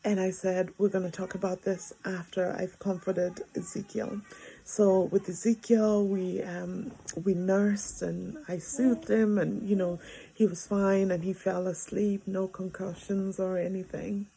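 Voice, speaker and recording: A woman's voice: medium pitch, flat delivery, a little slow, vocal fry, dark tone, husky, low-quality recording. A woman in her thirties, a mother telling a family story in a casual, rambling way with many fillers, recorded in a bedroom. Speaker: vlogger, mother.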